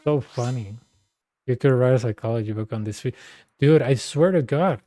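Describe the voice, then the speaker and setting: A man's voice: medium pitch, normal speed, mellow, dry recording. A man streaming a game, chatting casually and telling rambling stories full of slang and filler words. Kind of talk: casual chat while gaming.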